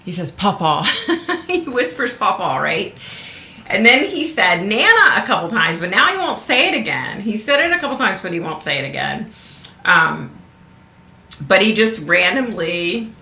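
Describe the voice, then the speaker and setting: A woman's voice: medium pitch, big pitch swings, moderate pace, vocal fry, bright, forceful tone, echoey room. A middle-aged woman chatting casually on her livestream, telling stories with lots of laughs and acted-out quotes. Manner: chatty storyteller, laughs often, acts out quotes. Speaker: vlogger.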